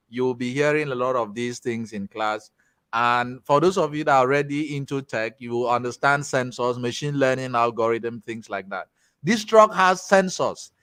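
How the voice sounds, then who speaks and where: A man from Nigeria with a Nigerian accent, teaching a tech class in a chatty, animated way with pidgin asides. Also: a little high, dry recording. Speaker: tech instructor. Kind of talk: casual class talk with storytelling.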